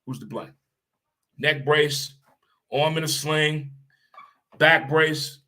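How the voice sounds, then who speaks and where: A man hosting his own podcast, ranting in an animated, blunt way and repeating phrases for emphasis. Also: on the high side, slow pace. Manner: blunt, occasional swearing. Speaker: podcast host. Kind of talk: solo opinion rant.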